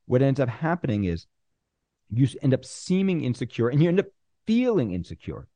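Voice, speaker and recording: A man teaching screenwriters how to pitch, acting out both sides of a pitch meeting and pausing on purpose. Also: sing-song, dark tone, no room sound, highs cut off. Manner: uses deliberate pauses. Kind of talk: instructional talk.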